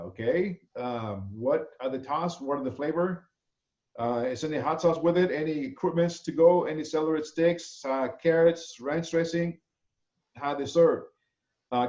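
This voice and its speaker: A man teaching an online culinary class, reviewing student menus with a halting delivery and many fillers. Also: on the high side, darkish tone. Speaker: culinary instructor. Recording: echoey, dull lo-fi video call audio.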